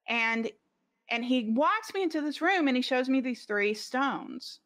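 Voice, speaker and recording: A woman's voice: high voice, expressive, measured pace, a bit bright. A middle-aged woman, a podcast guest, telling a story in casual conversation, rambling with lots of "like" fillers and restarts.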